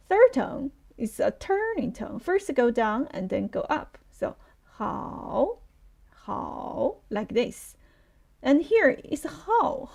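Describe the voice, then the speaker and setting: Woman teacher, Chinese accent, fairly high voice with a gravelly edge, slow and patient delivery. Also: warm tone. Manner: slow, patient, repeats words for learners. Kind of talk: live online language lesson.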